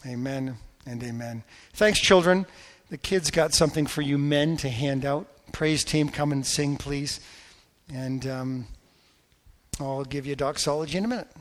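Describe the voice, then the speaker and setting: A man pastor preaching a sermon before a congregation, telling a story earnestly and praying with fervor, with soft, intense drops. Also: fairly high pitch, steady tone, normal speed. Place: church sanctuary before a congregation. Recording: echoey church hall.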